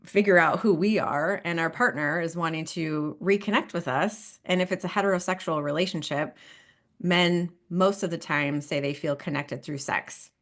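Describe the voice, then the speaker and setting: A woman's voice: lowish voice, moderate pace. A woman couples therapist in a podcast interview, talking in a chatty way with frequent laughs and asides like "right?" and "you know".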